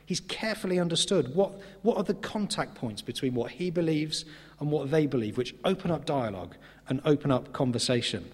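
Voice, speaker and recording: A man preaching a sermon in a church, earnest and emphatic, with slow pauses for stress. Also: a little high, expressive, slightly rough. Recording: reverberant hall.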